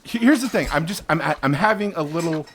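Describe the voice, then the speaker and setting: A man's voice: a little high, expressive, fast talker, slight background noise. A man co-hosting a podcast, talking hesitantly with many ums in an improv comedy sketch. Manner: hesitant, stammering, lots of ums. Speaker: podcast co-host.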